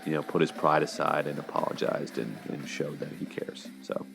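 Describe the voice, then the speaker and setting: Male host, very low voice, loose conversational breakdown, lots of filler words. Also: steady tone, normal speed, gravelly, noisy background. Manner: loose and chatty, full of "you know" and "like". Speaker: show host analyzing relationships. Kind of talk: casual commentary.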